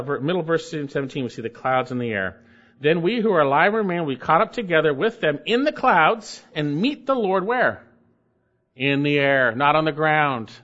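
A man's voice: medium pitch, a bit bright. A man preaching a verse-by-verse sermon as pastor, emphatic and repeating key phrases for stress. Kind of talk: expository sermon. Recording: dull lo-fi sermon recording.

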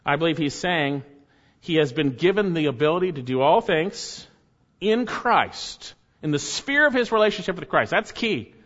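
A man preaching an expository sermon as pastor, repeating key phrases and swinging from loud emphatic peaks to hushed low endings. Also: animated, moderate pace. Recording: dull sound with long hall reverb.

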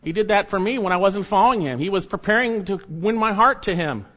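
A man preaching a sermon, emphatic, swinging between loud urging and low hushed warnings. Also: brisk, dull audio. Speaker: pastor.

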